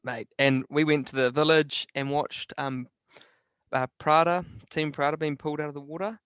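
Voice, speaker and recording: Excited Kiwi podcast co-host. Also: male voice, a little high, normal speed, clear, resonant tone, dry recording. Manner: enthusiastic, animated storyteller. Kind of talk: casual chat. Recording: dry close recording.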